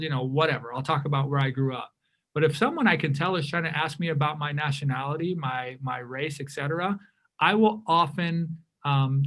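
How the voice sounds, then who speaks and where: Lively man leading a workshop. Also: fairly high pitch. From California. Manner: animated, self-correcting, acts out quoted remarks. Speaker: diversity workshop facilitator. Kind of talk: interactive workshop talk.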